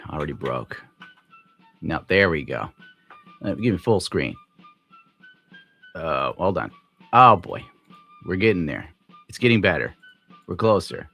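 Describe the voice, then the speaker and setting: A man's voice: low-pitched, gravelly, bright, forceful tone. A tired man live streaming, telling a rambling, profane story in a grumbling way. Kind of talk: rambling livestream rant.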